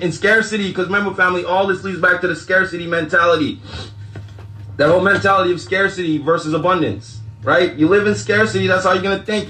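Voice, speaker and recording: High-voiced man in casual talk. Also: bright, forceful tone, echoey room. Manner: profane, laughing often. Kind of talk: casual monologue.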